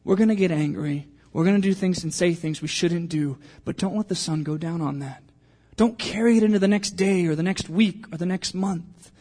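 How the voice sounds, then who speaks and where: A man's voice: sits high, normal speed, warm tone. A young adult man preaching a conversational sermon, joking with the congregation and poking fun at himself. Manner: conversational and self-deprecating, jokes with the congregation. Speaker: pastor.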